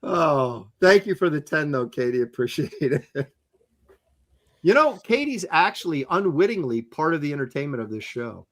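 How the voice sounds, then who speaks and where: A middle-aged man hosts a casual drawing livestream in a slightly higher voice. He reads donations aloud and teases people with playful mock readings. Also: sing-song, normal speed, a bit bright. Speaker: host of an art livestream.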